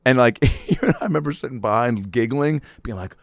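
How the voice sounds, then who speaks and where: A man hosting a podcast, telling rambling, profane stories in casual chat and slipping into quick impressions. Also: mid-range voice, vocal fry, no room sound, clean studio sound. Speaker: podcast host.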